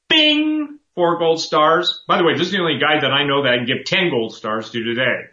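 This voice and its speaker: Fervent preaching man, bright and roomy. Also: on the high side. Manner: fervent, emphatic, repetitive. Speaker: talk show host. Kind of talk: impassioned preaching commentary. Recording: roomy, dull lo-fi sound.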